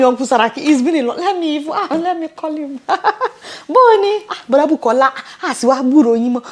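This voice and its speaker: A woman with a Nigerian accent hosting casual political commentary, teasing and animated, laughing often. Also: high-pitched. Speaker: commentary host.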